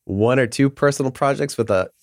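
A man's voice: mid-range voice, brisk, dry recording, studio quality. A middle-aged man talking as a podcast guest in casual, rambling chat, often laughing mid-sentence.

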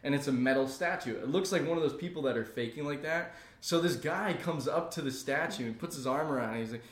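A man's voice: fairly high pitch, quick pace. Laid-back male podcaster in an echoey room. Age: young adult. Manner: animated, laughs while retelling, acts out voices in stories. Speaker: podcast co-host. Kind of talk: casual comedic storytelling.

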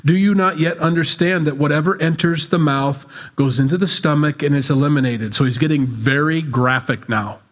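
A man's voice: fairly high pitch, normal speed, few pauses. A man preaching a sermon, reading scripture and explaining it in a blunt, conversational, teasing way. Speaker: pastor.

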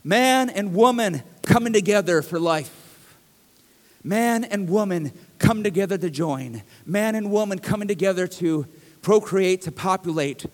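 Middle-aged guy pastor, high-ish voice, chatty sermon w/ emphatic bits, big echoey church sound. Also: expressive, measured pace. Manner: conversational preaching with jokes, rising to emphatic bursts. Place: church sanctuary.

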